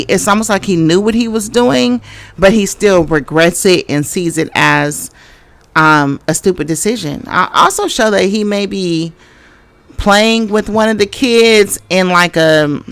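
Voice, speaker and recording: A woman's voice: medium pitch, fairly bright tone, dry recording. A middle-aged woman giving a casual tarot reading, rambling and hesitant, with many fillers and restarts. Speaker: tarot reader.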